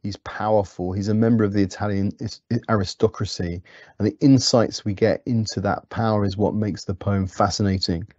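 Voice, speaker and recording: A man's voice: fairly low pitch, fairly even intonation, brisk, a little mellow, no echo, highs cut off. A man teaching a poetry lesson, explaining patiently with frequent ums and restarts, in a British accent. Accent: British English. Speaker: English teacher. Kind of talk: lecture.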